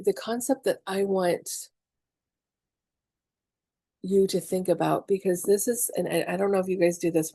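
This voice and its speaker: A middle-aged woman with a mid-range, a little mellow voice teaches a spiritual class online, recorded dry. She keeps it casual and confessional, cursing and re-enacting moments when she panicked.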